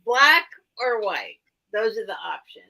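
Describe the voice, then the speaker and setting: A woman hosting a live online sale, chatting excitably and teasing herself. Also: a little high, measured pace, poor audio. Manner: chatty, excitable, self-mocking. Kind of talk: casual live-sale chat.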